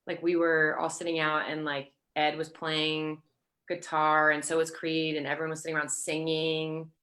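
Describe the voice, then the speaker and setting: A woman's voice: low voice, completely flat delivery, moderate pace, fairly bright tone. A woman in her thirties chatting as an interview guest, rambling with many fillers and restarts. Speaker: guest actor. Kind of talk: casual interview chat.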